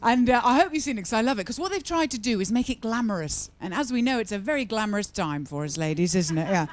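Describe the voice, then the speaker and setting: Chatty woman doing stand-up, lively pitch. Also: fast talker, no room sound. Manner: chatty, teasing the crowd, sarcastic asides. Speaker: stand-up comedian. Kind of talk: stand-up comedy set. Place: live comedy venue with audience.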